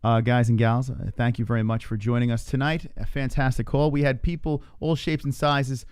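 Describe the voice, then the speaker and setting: A man's voice: medium pitch, level tone, a little fast, a little mellow, clean tone, dry recording, clean studio sound. A man co-hosting a podcast, running a comedic advice-line bit in a mock-serious announcer style. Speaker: podcast co-host.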